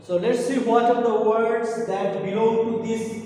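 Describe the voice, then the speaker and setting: A man's voice: very high-pitched, level tone, measured pace, warm tone, a little hiss or hum. A man teaching an English grammar lecture, speaking repetitively and often addressing his listeners as dear students. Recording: echoey room, far from the mic.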